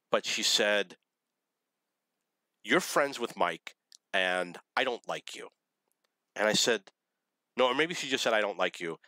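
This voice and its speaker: A man's voice: on the low side, sharp tone, no echo, low-quality recording. A man casually telling dating stories in a rambling, self-correcting, wry way. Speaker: storyteller.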